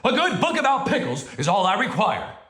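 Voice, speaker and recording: A man voicing a pompous, grumpy male bear in a storybook, huffy and getting louder, in a roomy room. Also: mid-range voice, huge pitch swings, unhurried, full character voice. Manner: huffy, haughty, grows louder. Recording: roomy home room echo.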